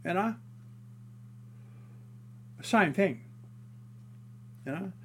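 A man's voice: sits high, expressive, very slow, slight background noise. A man in a casual monologue, ranting heatedly and crudely, rambling with fillers and restarts.

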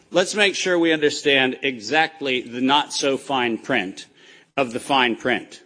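A man giving an impassioned, accusatory speech with slides, speaking emphatically with deliberate pauses. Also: medium pitch, fairly bright tone.

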